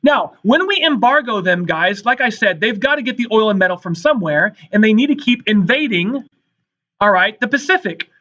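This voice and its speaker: This is a recorded classroom lecture in which a man gives a history lesson in a high, animated, sharp voice at an ordinary pace. He addresses his students emphatically, frequently checking in with "guys" and "all right," and the recording is dull and lo-fi.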